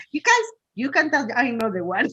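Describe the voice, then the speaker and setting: A woman's voice: fairly high pitch, sing-song, moderate pace, a bit bright, dull audio. A woman guest on a podcast, chatting casually, laughing easily and searching for her words. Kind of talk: casual conversation.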